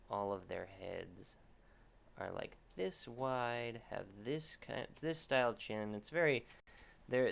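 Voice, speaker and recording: A man's voice: fairly low pitch, vocal fry. A young man streaming himself drawing, chatting casually and thinking aloud with lots of restarts. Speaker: artist streaming a drawing session. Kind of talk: casual commentary while drawing.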